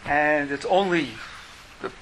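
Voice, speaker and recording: Animated high-pitched male religious teacher. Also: slow, slight background noise, rough recording. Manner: animated, acts out quotes in lively voices. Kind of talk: lecture.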